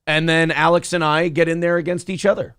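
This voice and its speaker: A man's voice: a little high, little pitch movement, brisk, fairly bright tone, clear, resonant tone, dry recording, studio quality. A man co-hosting a casual morning live stream, reading viewer messages aloud and trash-talking rivals with brash, boastful swagger. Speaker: co-host of a morning show.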